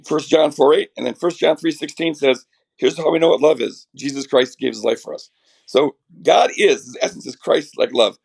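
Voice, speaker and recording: A middle-aged man with a raspy voice from a chest cold, earnestly explaining theology as a podcast guest, restarting his sentences often. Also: fairly high pitch. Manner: earnest, builds ideas with many restarts.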